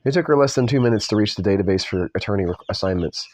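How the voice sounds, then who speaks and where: Middle-aged man, read-aloud with sarcastic commentary, mocking asides, lively up-and-down voice. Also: on the low side, very fast. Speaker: parent reading a book aloud.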